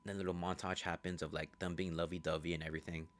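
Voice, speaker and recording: Low-voiced man rambling through a movie recap. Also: level tone. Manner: rambling, profane, fast storytelling. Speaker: movie reviewer.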